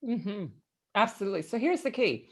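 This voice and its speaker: Middle-aged businesswoman giving pep-talk style advice, animated and emphatic. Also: a little fast. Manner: emphatic and animated, with big swings in pitch. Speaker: guest executive and author. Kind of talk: interview answers, motivational advice.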